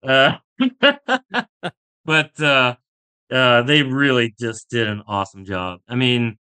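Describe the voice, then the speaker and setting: This man from Pittsburgh, USA, is a golf instructor chatting on a podcast, and his mid-range voice is expressive, slow, pushed and bright, with a clear, resonant tone. Rambling and eager, he laughs a lot while spinning stories in the relaxed interview.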